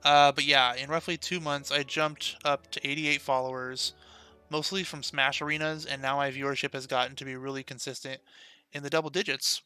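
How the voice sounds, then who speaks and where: A man's voice: mid-range voice, little pitch movement, fairly quick, pushed and bright, clear, resonant tone, faint music behind. A young man streaming a game, chatting casually with viewers and laughing often. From United States. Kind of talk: casual live-stream chat while playing.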